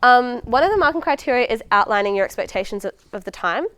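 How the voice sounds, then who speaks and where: A woman's voice: a little high, lively intonation, fast talker, fairly bright tone, clear, resonant tone, no echo. A young woman in her twenties, a medical student giving a casual exam-prep lecture, chatty and full of ums and likes. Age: 20s.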